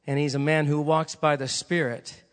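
A man's voice: a little high, level tone, normal speed, long reverb tail. A male preacher telling stories during a sermon, in a chatty, conversational way with asides to the congregation.

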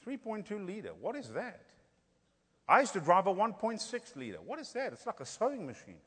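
Pushed and bright, the voice of this middle-aged South African man sits high with huge pitch swings and a slightly fast pace. He delivers a humorous storytelling sermon, playfully acting out dialogue and dropping rhetorical "Hello?" asides, recorded with long hall reverb.

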